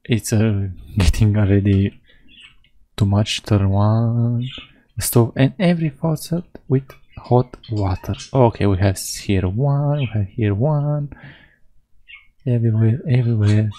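A man's voice: fairly low pitch, slow pace, dark tone, slight background noise, low-quality recording. A man narrating a video game playthrough, reading the game's lines aloud in a playful way. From Europe. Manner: playful, reads in-game dialogue with mock voices. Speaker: gaming video host. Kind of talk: Let's Play commentary, reading game text aloud.

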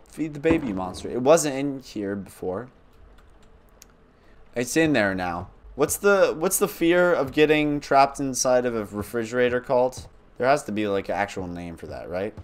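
A young man casually commentating a spooky babysitting game, joking, talking to the baby, and breaking into sudden yells. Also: medium pitch. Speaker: gaming channel host.

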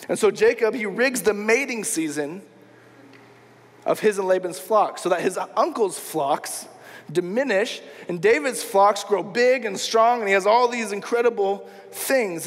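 A man preaching a sermon as pastor, retelling a story casually and acting out the quoted lines. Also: high voice. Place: church sanctuary. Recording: long church reverb.

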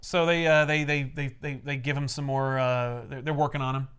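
A young adult man casually recapping a comic story, animated and jumping into quick character voices. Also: medium pitch, clear, resonant tone. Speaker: podcast host recapping comics.

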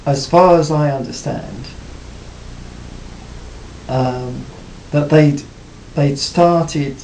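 A man being interviewed about his music career, talking reflectively with many pauses and restarts. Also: creaky, darkish tone. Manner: hesitant, many restarts and "you know". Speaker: interviewee, former band cellist. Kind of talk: reflective casual interview talk. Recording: roomy, faint rumble.

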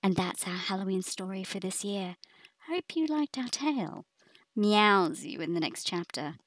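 Woman, bedtime rhyme narration, playful spooky whispers, slow lively delivery, dry close sound. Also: mid-range voice, no room sound, rough recording. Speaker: storyteller voicing the cat Sweep.

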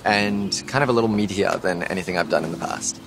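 A young man in his twenties from Australia, answering interview questions in a relaxed, playful, self-deprecating way outdoors at a home. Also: low voice, fast, background noise.

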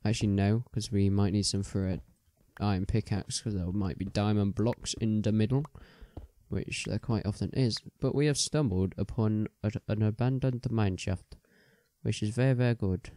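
A man's voice: lowish voice, fairly even intonation, normal speed, warm tone, no echo. A young man chatting casually as he plays a game, rambling with many ums and restarts. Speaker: gaming video host.

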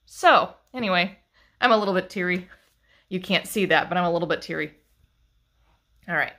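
A woman who owns a craft shop chats loosely on a live stream, filling her talk with ums and false starts. Her voice sits low, with a gravelly fry and a bright, forward edge. She sounds like she is holding the phone herself. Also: normal speed. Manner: chatty and rambling, with frequent ums and restarts. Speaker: fiber craft shop owner and teacher. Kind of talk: casual live-stream chat.

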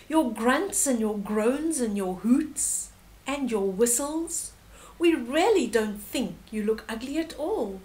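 A woman's voice: sits high, darkish tone. A woman reading aloud, voicing a chorus of small baby animals who speak in sweet, affectionate rhyme.

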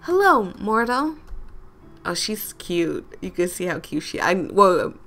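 A woman's voice: on the low side, unhurried, gravelly, fairly bright tone, soft background music. A young woman hosting a gaming video, making giggly, self-mocking asides between the lines she reads. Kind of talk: casual gameplay commentary.

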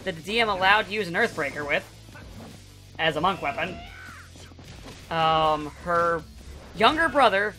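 A man with a bright, forceful voice tells the story of his tabletop game sessions in a loose, rambling way. He swears casually and keeps restarting his sentences. Faint music plays in the background. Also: sits high. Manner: rambling, loose and profane, many fillers and restarts. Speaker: tabletop player recapping sessions.

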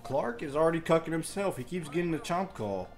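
A young man giving crude live commentary on a party video game, muttering complaints under his breath, then yelling and trash-talking the computer players. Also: on the high side, lively intonation, a little fast, soft background music. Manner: crude trash talk, swinging from mumbled grumbling to yelling. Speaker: gaming YouTuber.

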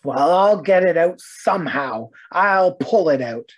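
A woman's voice: fairly low pitch, animated, unhurried, husky. Woman playing an indignant royal trumpeter. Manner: indignant, blustering. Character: sleepy, indignant male trumpeter.

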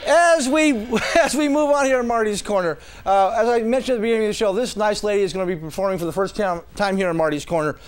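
A man with a strikingly high voice hosts a local TV show. He reads a jokey countdown list and introduces a guest comedian with upbeat patter. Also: fast, hardly any pauses, smooth, rough recording. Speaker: show host. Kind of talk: local TV host reading a top-eleven list.

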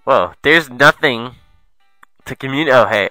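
A young man doing let's play commentary, excitable and foul-mouthed, muttering asides and then yelping at the game. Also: mid-range voice, moderate pace, over loud music, rough recording. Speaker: gamer.

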